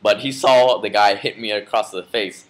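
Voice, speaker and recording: Speaking at a normal speed in a fairly low, steady voice, a man casually recounts a story on his vlog. He has just woken up from a nap, and his telling meanders with lots of fillers and restarts.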